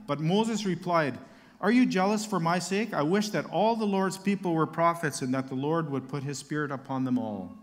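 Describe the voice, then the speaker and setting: A man's voice: medium pitch, big-room sound. A man preaching a sermon, reading Bible verses aloud and explaining them with casual asides and light humor.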